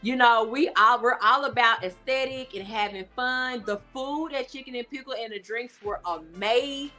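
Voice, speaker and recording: A woman co-hosting a casual podcast, talking in a heartfelt, unhurried way and speaking to listeners as y'all. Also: fairly high pitch, bright, forceful tone, soft background music. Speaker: podcast co-host. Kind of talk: casual recap chat.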